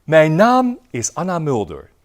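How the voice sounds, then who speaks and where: A man's voice: a little high, wildly swooping pitch, a little slow. Man, language teacher, playful, laughs a lot, drills words for a class. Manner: playful, repeats himself, laughs often. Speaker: Dutch language instructor. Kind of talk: lively classroom presentation.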